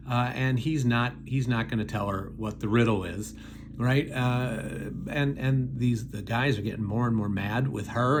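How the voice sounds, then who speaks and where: A middle-aged man, a pastor, casually retelling a Bible story in a chatty, folksy way with many fillers. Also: mid-range voice.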